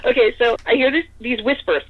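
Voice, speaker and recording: A woman's voice: fairly high pitch, fairly even intonation, a little fast. A woman from Northern California telling a story as a podcast guest, chatty and rambling, with lots of "like" and "you know.". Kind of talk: casual storytelling in an interview. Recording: tinny phone-line audio.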